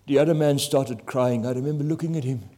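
A man preaching a testimony sermon, impassioned, with swings between loud and hushed delivery. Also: medium pitch, fairly quick.

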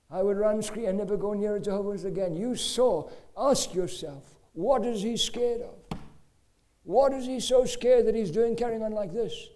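A man's voice: sits high, warm tone, voice pushed up. A man voicing his father, a zealous preacher who pleads and warns with fervent intensity.

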